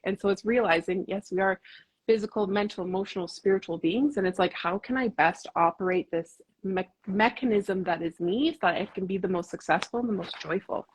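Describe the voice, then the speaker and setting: Husky lady instructor chatting, earnest, lots of "like" and "you know". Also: medium pitch, brisk, rough recording. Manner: earnest, uses many fillers like "like" and "you know". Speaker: martial arts instructor. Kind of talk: casual conversation.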